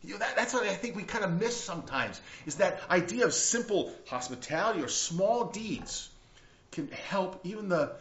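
A man delivering a relaxed, story-driven sermon. He rambles, restarts sentences and keeps checking in with his listeners. The recording is roomy and slightly muffled. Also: high-pitched, normal speed. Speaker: pastor. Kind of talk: conversational sermon. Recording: roomy, dull lo-fi sound.

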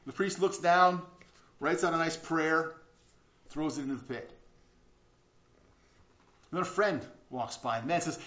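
A man preaching a sermon in an earnest way, often repeating words and restarting, swinging between loud and hushed. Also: on the high side, measured pace, long pauses. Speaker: pastor. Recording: roomy, slightly dull sound.

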